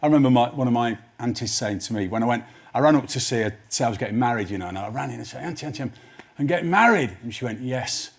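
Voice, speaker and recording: A man's voice: mid-range voice, racing, vocal fry, few pauses, a little mellow. A man, a guest writer telling rambling stories full of restarts on a studio chat show. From Nottinghamshire, England. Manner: rambling, self-interrupting storyteller. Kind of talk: anecdotal chat show interview. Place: TV studio with live audience.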